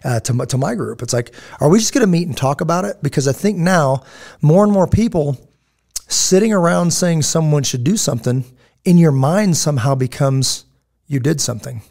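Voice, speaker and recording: A middle-aged podcast host tells stories in a casual, digressive chat, acting out the people he quotes. His voice sits on the high side, animated, creaky and darkish in tone, at a normal speed.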